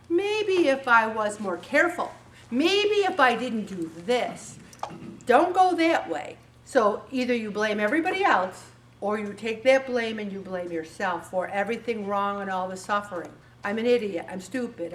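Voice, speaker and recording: A woman's voice: medium pitch, expressive, a little slow, fairly bright tone, far from the mic, a little hiss or hum. A woman giving an earnest, chipper faith talk to a support group, acting out the quotes she tells. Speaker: faith-based weight loss group speaker.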